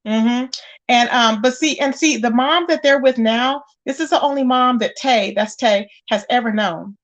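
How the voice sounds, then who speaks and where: A woman's voice: fairly high pitch, moderate pace. A woman hosting a casual live stream, chatting straight to her viewers and exclaiming as she goes. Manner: chatty, addresses viewers directly, exclaims often. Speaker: livestream gossip host. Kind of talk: casual live-chat commentary.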